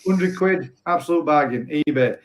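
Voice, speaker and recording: A man's voice: on the high side, moderate pace. A man hosting a casual live stream, chatting and reading out viewer comments in a rambling, self-correcting way. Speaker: host.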